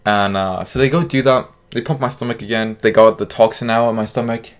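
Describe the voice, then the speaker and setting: A man's voice: fairly low pitch, fairly even intonation, a little fast, clear, resonant tone. A young man telling a personal story in a casual storytime style, rambling with many fillers and acting out quotes.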